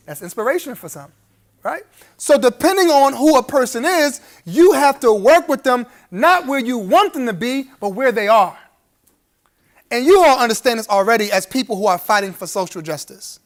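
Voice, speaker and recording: A man with a very high, animated voice at normal speed gives a live keynote speech at a gala. He's preacherly and humorous, chuckling through his asides and rising to emphatic appeals to the audience.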